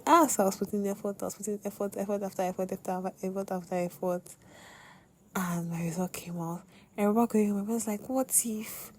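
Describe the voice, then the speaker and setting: A young woman hosting a podcast, telling a personal faith testimony in an expressive way, with sudden exclamations. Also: mid-range voice, brisk, a little hiss or hum. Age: young adult. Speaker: podcast host.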